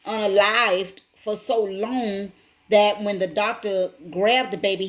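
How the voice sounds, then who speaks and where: A woman hosting her own channel, casually retelling a story to her viewers, speaking emphatically, repeating key points and calling them y'all. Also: mid-range voice. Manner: addresses viewers directly as y'all. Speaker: channel host.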